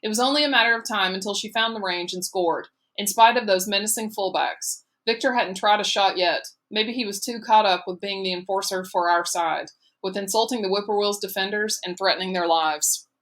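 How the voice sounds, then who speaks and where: A woman reading a novel aloud as an audiobook narrator in a steady, measured way. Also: medium pitch.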